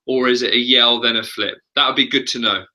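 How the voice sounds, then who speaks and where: Male vocal coach, very bright forward tone, chatty and loose, casual webinar talk. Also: medium pitch, fairly even intonation, a little fast. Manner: chatty, laughs often.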